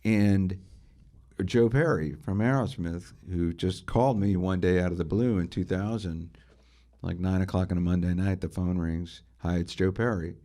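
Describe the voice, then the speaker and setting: With a steady, warm, low voice and a moderate pace, a middle-aged man who plays guitar and writes about music tells enthusiastic anecdotes. He's an interview guest, storytelling conversationally and throwing in rhetorical questions.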